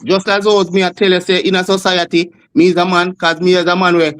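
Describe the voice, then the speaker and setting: A Jamaican-accented man making his point in a heated panel debate, circling back over his words and leaning on "brother". His voice sits fairly high and sounds dry and close. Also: level tone, a little fast, fairly bright tone, smooth, no echo. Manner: repetitive, insistent, keeps saying "brother".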